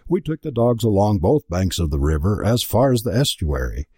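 A man's voice: lowish voice, very animated, normal speed, warm tone, husky, dry recording, clean studio sound. A man voicing a crude, lewd middle-aged guard captain in a storybook reading, talking in a coarse, gloating way. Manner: coarse, leering.

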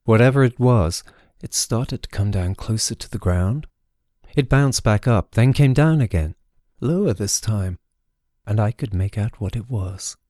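A man reading a first-person story aloud in a wry, measured way. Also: fairly low pitch, animated, mellow, no echo, studio quality. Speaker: narrator. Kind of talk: scripted audiobook narration.

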